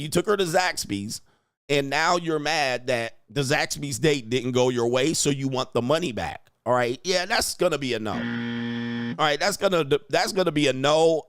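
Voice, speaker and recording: A man with a mid-range voice hosts a reaction commentary show, recorded with studio quality and no echo. He mocks and lectures the people in the clips he plays, laughing often.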